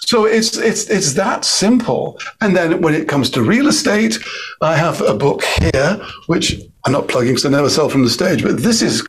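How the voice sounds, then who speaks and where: An Englishman with a husky, breathy voice pitched a little high talks in an animated, emphatic way. He is a guest in an interview, explaining his ideas with lively energy. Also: normal speed. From England. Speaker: guest speaker and author.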